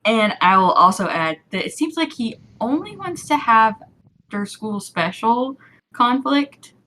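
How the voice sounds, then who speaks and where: A woman co-hosting a casual chat, chatty and adding points with quick asides. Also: on the high side, expressive, sharp tone, slight background noise. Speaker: podcast co-host.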